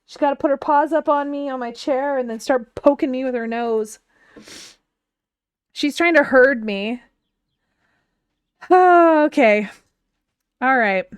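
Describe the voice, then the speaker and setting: Slow, smooth high-voiced woman streamer. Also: no room sound. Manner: chatty, thinks aloud while playing. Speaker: game streamer. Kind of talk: casual live gameplay chat. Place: home room at her computer.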